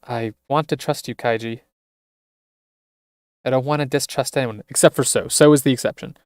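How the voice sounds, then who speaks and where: A man's voice: medium pitch, steady tone, normal speed, clear, resonant tone, dry recording, clean studio sound, lightly acted. A man voicing an earnest young woman, the heroine of a game he streams, reading her lines with sincere pleading.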